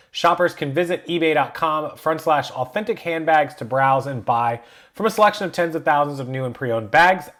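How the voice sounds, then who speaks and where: A man hosts his own reselling channel, with a voice that sits a touch high. He reads news copy out loud in a loose, conversational way. He drops in fillers and side comments as he goes. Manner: casual, reads text aloud with asides and fillers. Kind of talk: casual vlog commentary reading a news story.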